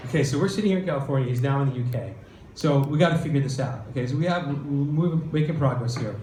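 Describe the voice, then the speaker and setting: A man giving a conference talk, telling an animated startup story and acting out the quoted voices. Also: medium pitch, very fast, slight background noise. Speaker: venture capitalist speaker. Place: event hall. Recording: roomy hall with faint ambience.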